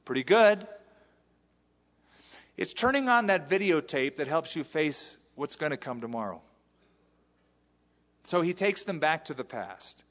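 A male pastor giving an animated sermon, acting out the quotes he reads. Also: fairly high pitch, unhurried, long pauses, big-room sound. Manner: animated preaching with acted-out quotes. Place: church sanctuary.

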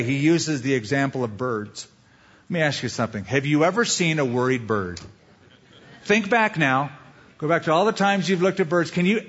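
Speaking conversationally, this male pastor preaches and frequently asks the audience questions. His voice is medium-pitched, a bit bright and slightly rough, captured in dull lo-fi audio.

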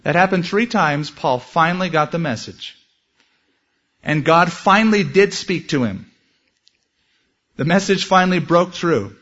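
A man's voice: a little high, lively intonation, a little slow, pauses often, a bit bright. Earnest preacher man, lo-fi recording. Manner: earnest preaching with quoted prayers and scripture. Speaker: pastor. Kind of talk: sermon. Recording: dull lo-fi sermon recording.

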